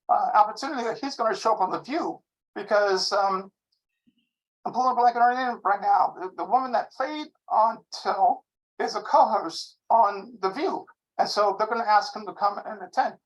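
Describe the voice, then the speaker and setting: A man's voice: sits high, poor audio. A man in his sixties on a video call, chatting in a friendly, rambling way as a caller. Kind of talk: casual chat.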